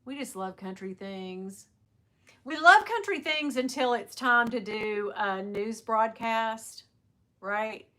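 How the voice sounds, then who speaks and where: A middle-aged woman hosting a livestream, chatting casually and telling lively stories, laughing often and mimicking the people she talks about. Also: a little high, takes it slowly. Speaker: livestream host. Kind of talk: casual chat to viewers.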